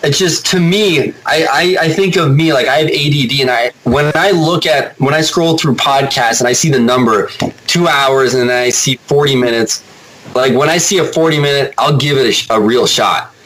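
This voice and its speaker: A man chatting casually as a podcast guest, rambling and animated, swearing now and then. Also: medium pitch, normal speed, low-quality recording. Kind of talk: casual chat.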